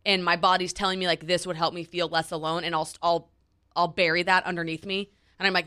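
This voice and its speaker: Young woman podcast co-host, playful and teasing, bright, sharp-edged tone. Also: lowish voice, fairly quick. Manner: playful, teasing, animated storytelling. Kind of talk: casual chat.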